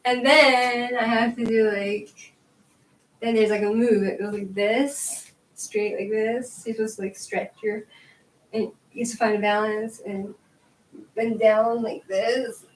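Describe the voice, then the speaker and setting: A woman's voice: fairly high pitch, fairly even intonation, measured pace, low-quality recording. A woman chatting casually on her video channel, rambling with lots of "like" and laughing while she tries yoga stretches, a little out of breath. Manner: rambling, chatty, laughs often, says "like" a lot. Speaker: tarot channel host. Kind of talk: casual chat while showing yoga moves. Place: at home with her dog.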